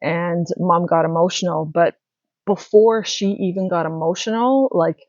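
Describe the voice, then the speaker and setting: A woman's voice: lowish voice, no echo. Chatty woman with a muffled, dry sound. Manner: chatty, rambling, many fillers and restarts. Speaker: spiritual wellness YouTuber. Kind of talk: casual talk to camera.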